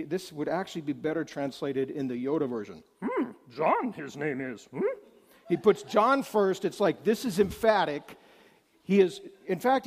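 A man preaching a sermon as pastor, animated and joking in asides. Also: a little high. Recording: long hall reverb.

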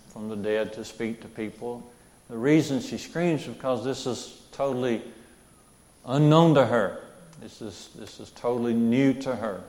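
A man's voice: mid-range voice, a little mellow, roomy sound. A man giving verse-by-verse Bible teaching in an earnest way, repeating phrases and asking his listeners questions.

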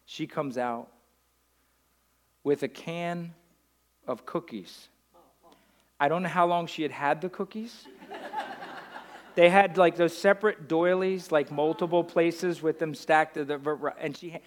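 Guy pastor preaching, kinda high voice, goes loud then real soft. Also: slow pace, pauses often. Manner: preaching with big swings from loud to hushed. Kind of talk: sermon.

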